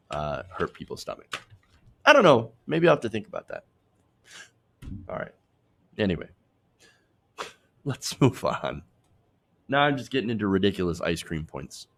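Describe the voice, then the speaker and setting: A man's voice: sits low, very animated, normal speed, creaky, pauses often, fairly bright tone, a little hiss or hum. A man hosting a political commentary show, reading out posts and mocking them in a sarcastic, chatty way, laughing at his own jokes.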